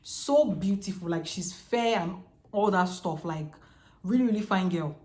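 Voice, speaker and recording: A woman's voice: fairly low pitch, a little slow. Chatty Nigerian woman in echoey room. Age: 20s. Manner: lively, chatty storytelling with slang. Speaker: vlogger. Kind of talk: storytime vlog.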